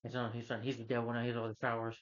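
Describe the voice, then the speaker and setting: A man's voice: mid-range voice, monotone, racing, dull audio. Rambling man ranting through a movie review. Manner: rambling, casual and profane, with many fillers. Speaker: film reviewer.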